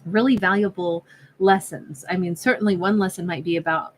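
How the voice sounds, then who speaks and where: A woman talks her way through a tarot spread in a loose, chatty monologue, pausing and restarting as she thinks aloud. Her voice sits on the lower side, and a faint hiss runs under her voice. She slips into acted-out snippets of imagined conversation along the way. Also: steady tone, poor audio. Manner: chatty and musing, acting out imagined dialogue; frequent self-interruptions and restarts. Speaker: tarot card reader. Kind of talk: casual tarot reading monologue.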